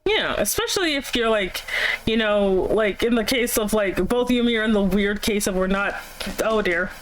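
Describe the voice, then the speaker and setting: A woman's voice: medium pitch, lively intonation, normal speed, a little hiss or hum, rough recording. A woman streamer chatting casually on a call, rambling with plenty of fillers and frequent laughter. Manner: giggly, rambling, lots of fillers. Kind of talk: casual chat on a livestream. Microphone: voice chat call.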